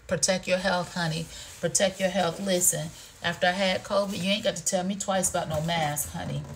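A woman's voice: fairly low pitch, fairly even intonation, fairly quick, a little hiss or hum. Chatty woman hosting a shopping livestream. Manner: chatty, playful, says "y'all" and "honey". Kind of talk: casual product demo chat.

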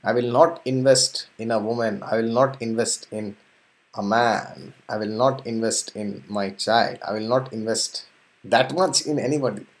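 A man's voice: on the low side, moderate pace, close to an everyday voice. A man voicing a clever, humble boatman in a spoken scripture tale, insisting and boasting of his shrewdness. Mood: boastful.

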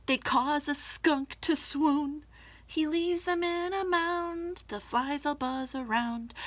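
A woman singing comic verses to familiar tunes, with quiet spoken asides between songs. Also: dry recording. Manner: sings the verses, talks low and quick between them. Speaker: reader singing comic poems.

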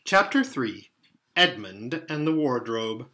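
A man reading a children's novel aloud, expressive and animated as narrator. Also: mid-range voice, slow pace. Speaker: storybook reader. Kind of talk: storybook read-aloud.

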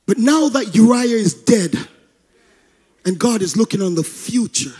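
A male pastor delivers a sermon in a chanting, sing-song cadence, punctuating his phrases with rhythmic breaths and climbing into shouts. His voice sits very high and sounds husky and breathy, and his pacing is slow and drawn out. Faint music plays behind him. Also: animated. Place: church service.

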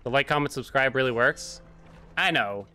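A man's voice: mid-range voice, lively intonation, moderate pace, sharp tone. A man streaming a game, chatting casually and reacting aloud as he plays. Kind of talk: casual gameplay commentary.

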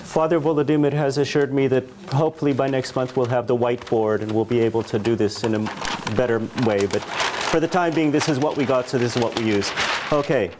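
A man giving a workshop lecture on church cantoring, explaining casually and sometimes singing slow chant lines. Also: mid-range voice, fairly even intonation. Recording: faint background noise.

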